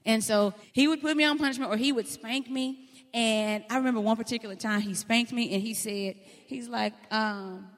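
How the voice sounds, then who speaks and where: A woman preaches a sermon, slipping into folksy, animated storytelling. Her voice sits a little high. It rings out with the long reverb of a large hall. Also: normal speed.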